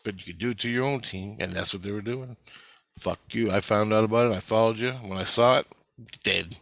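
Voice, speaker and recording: Man vlogger, tense forceful voice, swears constantly, rambling storyteller, dry close sound. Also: fairly low pitch, brisk, gravelly, dry recording. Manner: profane, intense, rambling storytelling. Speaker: vlogger recounting past-life memories. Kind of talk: casual spoken monologue.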